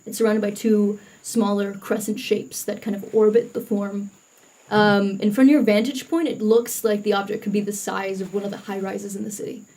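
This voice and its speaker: A woman narrating as game master for a tabletop game. She describes the scene in a loose, relaxed way, pausing often with fillers. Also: mid-range voice, poor audio.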